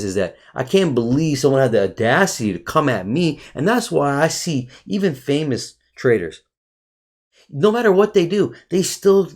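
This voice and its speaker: A man narrating a screen-share market review, casual and full of restarts, who turns into a profane, heated rant at his viewers. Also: mid-range voice. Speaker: trading educator.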